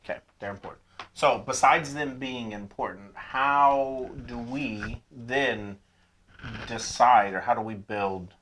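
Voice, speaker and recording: A man co-hosting a casual chat, easygoing and agreeable, often clearing his throat and saying okay. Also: medium pitch, slow pace, a bit bright, a little hiss or hum. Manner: laid-back, agreeable, with frequent "okay, sure" and throat clearing. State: has the hiccups. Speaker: podcast co-host.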